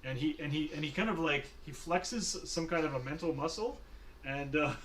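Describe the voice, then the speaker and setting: A man's voice: fairly high pitch, moderate pace, a bit bright. Male game master, rambling, hesitant, faint noise behind. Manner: rambling, laughing, hesitant with many fillers. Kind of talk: narrating a tabletop game over voice chat.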